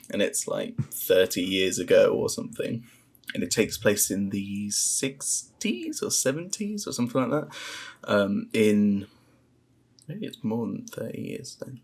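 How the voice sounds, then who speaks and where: Gravelly, husky man ranting bluntly. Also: lowish voice. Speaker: podcast co-host reviewing a show. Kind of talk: casual chat, sweary review.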